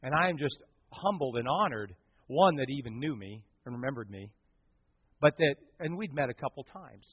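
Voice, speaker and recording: A man, a pastor, preaching a sermon and telling a story, acting out the voices of the people in it, swinging from hushed to loud. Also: medium pitch, expressive, moderate pace, breathy edge, dry recording, narrow, tinny audio.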